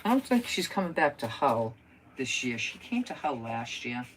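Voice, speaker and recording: A woman's voice: very deep voice, big pitch swings, normal speed, distant mic, a little hiss or hum, low-quality recording. A woman chatting casually on a live crafting stream, thinking aloud as she works and greeting viewers by name.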